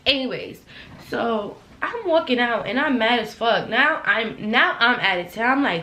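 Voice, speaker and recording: A young woman telling a heated work story in a casual storytime vlog, acting out the quotes loudly. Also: on the high side, measured pace. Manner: animated, heated retelling with loud acted-out quotes. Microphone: laptop camera. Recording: echoey room.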